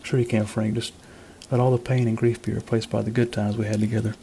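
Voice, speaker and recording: A man reading the lines of a dead wife in a story, speaking softly and tenderly. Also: lowish voice, flat delivery, fast, a little hiss or hum, natural voice. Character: grieving widow's late wife, gentle middle-aged woman.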